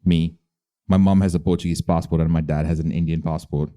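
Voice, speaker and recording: Very deep, dark-voiced male narrator. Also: fairly even intonation, fairly quick. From Bahrain. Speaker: podcast host. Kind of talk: scripted documentary narration.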